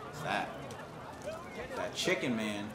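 A man's voice: lowish voice, slow, a loud crowd. A young man joking his way through game commentary as a gaming channel host. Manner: joking, animated. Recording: echoey room with noise.

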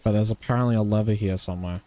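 A man giving loud, joking live commentary as he plays a game, swearing and teasing his chat. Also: lowish voice, rapid-fire. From Australia. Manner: excitable, swears freely, teasing banter with chat. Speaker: streamer.

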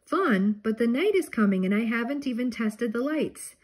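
A fretful, excitable schoolboy, as a woman reading aloud puts him on, pitched up and pushing hard. His worried, whiny delivery has a husky grain. It belongs to a children's storybook read-aloud. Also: normal speed.

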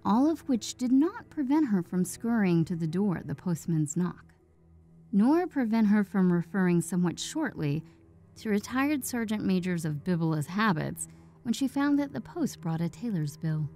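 A woman narrating a dark classic short story in a steady, measured storytelling voice. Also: medium pitch, faint music behind.

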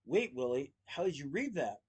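A man's voice: on the high side, big pitch swings, moderate pace, slightly rough, full character voice. A man voicing a feisty, blunt orphan girl in a read-aloud story.

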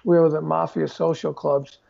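An older man, telling animated stories in a casual interview and acting out the voices of the people in them. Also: fairly high pitch, moderate pace, gravelly, highs cut off. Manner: animated storyteller who acts out quoted voices. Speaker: guest drummer telling stories.

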